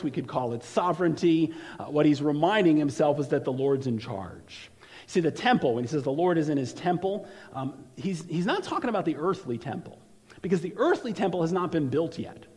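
A pastor gives a conversational sermon in a church sanctuary, regularly repeating a word as he opens a phrase. He has a fairly high, darkish voice with a breathy edge. The recording carries a large hall's long reverb.

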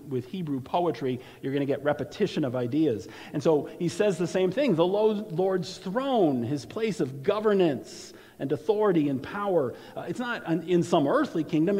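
A man's voice: a little high, mellow, breathy edge. A man preaching a sermon as pastor, talking conversationally and often repeating words as he starts a phrase. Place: church sanctuary. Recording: long reverb from a large hall.

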